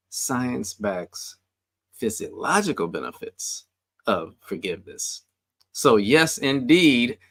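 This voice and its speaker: A man's voice: lowish voice, a bit bright, no echo. A man hosting an online faith talk show, upbeat and conversational with casual fillers, talking over a video call. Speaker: host.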